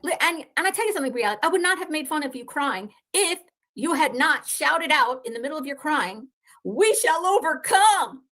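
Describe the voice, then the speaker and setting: A woman's voice: high voice, lively intonation, brisk, pushed and bright. A woman hosting drama commentary, ranting with scorn and sarcasm at people she names, swearing casually. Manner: scornful, sarcastic, addresses rivals directly.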